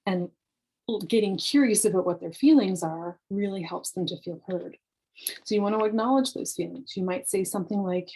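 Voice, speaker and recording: A woman giving calm, reassuring parenting advice straight to camera, explaining step by step and checking in with "okay". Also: lowish voice, moderate pace, low-quality recording. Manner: often says "okay" and "um". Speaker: parenting coach.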